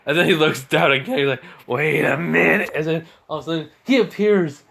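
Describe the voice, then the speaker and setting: A man with a bright, forward voice tells a homemade fan story in a casual, rambling way. He chuckles now and then and corrects himself as he goes. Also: a little high, fast.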